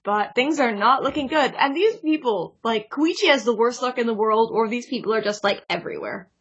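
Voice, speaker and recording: A woman's voice: fairly high pitch, a little fast, breathy edge. Chatty woman on a lo-fi podcast. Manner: reads character dialogue aloud in a light, chatty way. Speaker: podcast co-host. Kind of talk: casual chat recapping a manga chapter.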